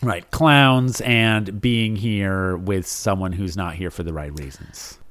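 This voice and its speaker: A man's voice: low-pitched, takes it slowly, fairly bright tone. A man co-hosting a podcast, recapping an episode in casual chat, joking and laughing often. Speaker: podcast co-host.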